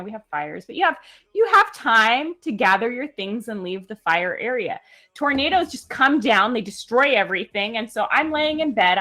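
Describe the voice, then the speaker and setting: A young woman from California in casual chat, animated and laughing as she tells stories. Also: fairly high pitch. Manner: chatty and animated, laughs while telling stories. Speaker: stream guest.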